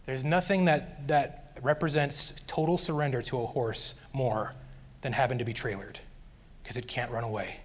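A man earnestly sharing a personal faith testimony, growing animated as he recounts his frustration. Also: medium pitch, moderate pace.

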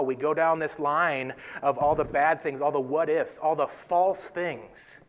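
Brief: man, slightly higher voice, casual earnest Bible teaching, conversational with soft emphatic drops. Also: steady tone, measured pace, lo-fi sound. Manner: conversational, tags points with "right?".

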